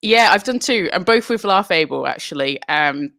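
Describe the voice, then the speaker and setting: A low-voiced woman, a comic guest on a video call, chats hesitantly, giggling and filling pauses with ums. Her sound is close and dry, with no room around it. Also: animated, creaky, a bit bright, no echo. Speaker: comedian guest. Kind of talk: casual interview chat.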